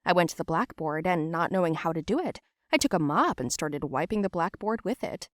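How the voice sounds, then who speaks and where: A woman's voice: lowish voice, expressive, fairly quick, no room sound. Casual: young woman narrating her story plainly, dry close sound. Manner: plain, matter-of-fact storytelling. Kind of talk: scripted first-person storybook narration.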